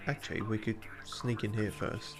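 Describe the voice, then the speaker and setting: A man's voice: fairly low pitch, little pitch movement, normal speed. A man streaming a video game, chatting casually with plenty of swearing and self-mocking asides. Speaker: let's play streamer. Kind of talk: casual gameplay commentary.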